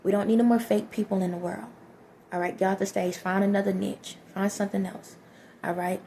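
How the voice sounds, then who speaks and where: A woman vlogger with a soft voice giving direct, preachy life advice to her viewers, often checking in with the listener. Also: mid-range voice, flat delivery, brisk, creaky, slight background noise. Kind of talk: direct-to-camera motivational talk.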